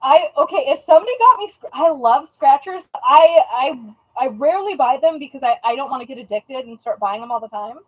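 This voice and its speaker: High-voiced chatty woman live-streaming. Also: expressive, a little fast, poor audio. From US Pacific time zone. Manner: chatty and playful, tries out joking Spanish phrases. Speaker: live-stream host and online shop seller. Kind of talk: casual live-stream chat while packing orders.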